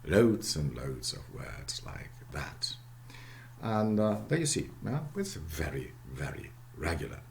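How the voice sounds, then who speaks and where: Deep-voiced man lecturing slowly. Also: sing-song, gravelly, a little hiss or hum. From Germany. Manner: repeats words for emphasis, frequent "okay" and "yeah" checks. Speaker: university lecturer. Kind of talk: academic lecture.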